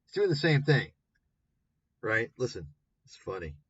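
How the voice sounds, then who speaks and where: A man's voice: mid-range voice, very animated, a little slow, fairly bright tone, husky, no echo, lo-fi sound. Sarcastic, profane male livestream host. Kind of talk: livestream commentary.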